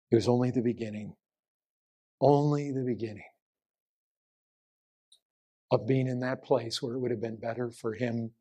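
This is a man giving a sermon full of rhetorical questions. His delivery rises into urgent lines, then drops to low, hushed ones.

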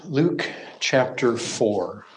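A man preaching a sermon, emphatic, moving from raised, ringing lines to quiet, hushed asides. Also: medium pitch, expressive, drawn-out words, slight background noise. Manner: emphatic, swings between loud cries and hushed asides.

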